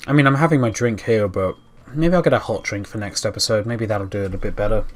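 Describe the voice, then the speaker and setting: A man's voice: fairly low pitch, quick pace. A young man with a dry mouth, casually chatting through a video game playthrough, sometimes talking back to the game. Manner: chatty, self-deprecating, talks to the game. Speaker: let's-play host. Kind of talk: casual gameplay commentary.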